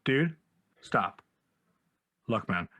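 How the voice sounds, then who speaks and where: Man, brisk host keeping order, lively pitch. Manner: brisk, trying to keep order. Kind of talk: scripted comedy sketch banter.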